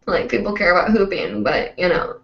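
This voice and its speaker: A woman's voice: mid-range voice, a little fast, vocal fry. A woman hosts a casual live online show and rambles through her sign-off with plenty of fillers. Her voice sits at a middling height and carries a noticeable room echo. The sound is dull and lo-fi, like a web call. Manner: rambling and chatty, with many fillers. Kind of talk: casual live-stream chat.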